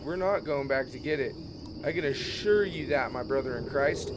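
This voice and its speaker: A man's voice: mid-range voice, expressive, normal speed, noisy background. A man playing a horror game and commenting, swearing and trash-talking the game's characters. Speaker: gaming YouTuber. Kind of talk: let's play commentary.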